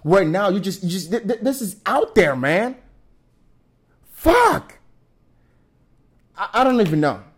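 A man's voice: high voice, fairly quick, hardly any pauses, husky. A man hosting a casual commentary show, ranting with indignation, swearing often and restarting his sentences. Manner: animated, indignant, profane rant with many restarts. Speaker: commentary host.

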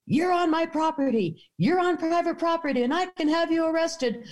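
A woman voicing a big, angry male farmer who shouts threats about his property. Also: very high voice, expressive, moderate pace, pitched above the performer's own voice. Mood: furious.

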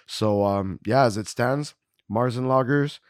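A man's voice: mid-range voice, measured pace, no echo, studio quality. A man co-hosting a podcast, rating beers in a casual, rambling way full of fillers and little laughs. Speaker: podcast co-host. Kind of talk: casual beer-tasting chat.

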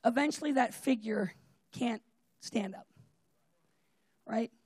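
A preacher giving a casual, conversational sermon with personal stories, talking in an animated way and leaning on "like" and "right?". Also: medium pitch, slow, breathy edge, no echo. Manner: animated, fillers of "like" and "right?", often laughs.

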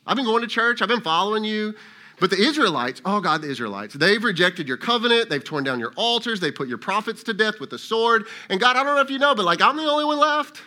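A preacher putting on a whiny, exasperated prophet who pleads with God in a rush of complaints. The voice jumps well above the man's own and gets louder. It stays bright and strained. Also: high voice, expressive, fast, voice pushed up, heavily acted.

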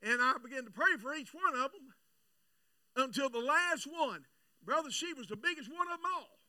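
A man preaching at a church revival, swinging from chatty storytelling to loud shouting. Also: very high voice, animated, normal speed, no echo, studio quality, recorded from a distance. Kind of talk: revival sermon. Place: church sanctuary.

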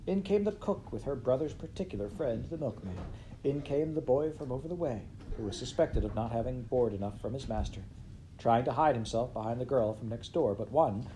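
A man reading a classic story aloud in an expressive way, with big swings in loudness and pitch. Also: a little fast, slight background noise. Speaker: storybook reader.

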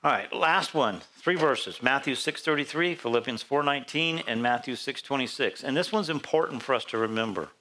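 A man's voice: mid-range voice, fairly quick, hardly any pauses, bright, forceful tone. A man pastor leading a casual, interactive Bible study, asking his congregation questions. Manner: conversational, asks the congregation questions.

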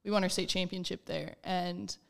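A woman's voice: on the low side, steady tone, normal speed, gravelly, fairly bright tone. A young woman from Minnesota, a college basketball player, chatting in an interview in a bubbly way and laughing often. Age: young adult. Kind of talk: casual interview.

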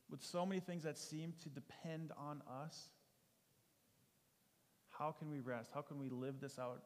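A man's voice: mid-range voice, a little mellow. A male pastor preaching a sermon in an earnest, conversational way, often asking rhetorical questions. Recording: long hall reverb.

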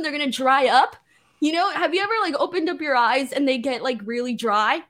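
A woman's voice: high voice, a little fast, fairly bright tone. A woman hosting a podcast from her home, chatting casually and laughing often, with many fillers. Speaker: podcast host. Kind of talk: casual chat. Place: home studio.

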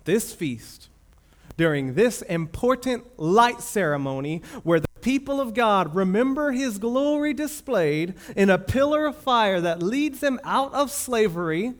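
A man preaching a sermon, his voice on the higher side for a man. He surges into loud, emphatic declarations, then drops to a hushed, reverent hush, as a pastor speaking to his church. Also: expressive, a little slow. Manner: swings between loud emphatic passages and hushed, low reverent ones.

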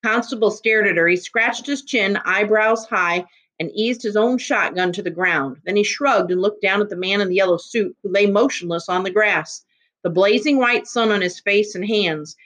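A woman's voice: medium pitch, normal speed, a bit bright, rough recording. Woman reading a novel aloud. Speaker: reader.

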